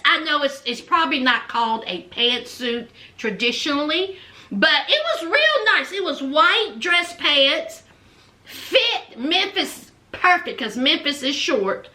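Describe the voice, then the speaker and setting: Lively high-voiced woman recapping drama. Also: slow pace, roomy sound. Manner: animated, says honey and child, acts out quotes. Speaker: commentary vlogger recapping a reality show. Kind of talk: casual chatty recap.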